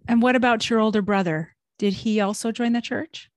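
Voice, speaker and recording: A woman interviewer asking gentle, probing questions. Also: fairly high pitch, fairly quick, dry recording.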